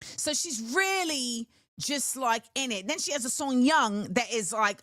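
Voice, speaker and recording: A woman's voice: sits high, measured pace, no echo, studio quality. A woman hosting a show, chatting animatedly about music, reacting to viewer comments and breaking into snatches of song. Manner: animated, sings snippets and reacts to chat. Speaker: talk show host. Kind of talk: casual livestream commentary.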